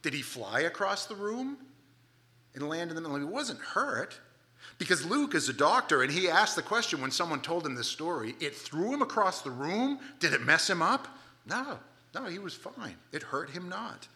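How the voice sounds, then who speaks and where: A man's voice: on the high side, very animated, moderate pace, bright, forceful tone. A male pastor delivering a sermon in an emphatic, conversational way.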